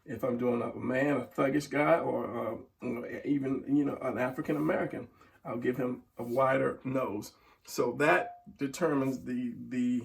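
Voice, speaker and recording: A man's voice: mid-range voice, fairly even intonation, a little slow, creaky, distant mic, a little hiss or hum. A middle-aged man teaching a casual drawing tutorial, talking while he draws and trailing off into murmurs. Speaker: drawing instructor.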